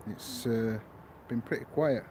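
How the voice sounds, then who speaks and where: A man's voice: mid-range voice, measured pace, a little mellow, slight background noise, rough recording. A man hosting a live ghost-hunt stream outdoors by a road, chatting casually and greeting his viewers by name. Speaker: paranormal investigator streaming live.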